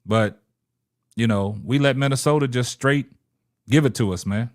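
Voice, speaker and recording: A young man hosting a casual sports podcast livestream, talking loosely, shouting out viewers and tagging "man" onto nearly every phrase. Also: mid-range voice, moderate pace. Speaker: podcast host.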